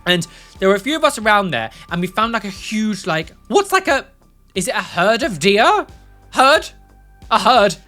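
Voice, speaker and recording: A woman's voice: mid-range voice, big pitch swings, moderate pace, fairly bright tone, faint music behind. A young woman giving rambling, chatty reaction commentary on video clips.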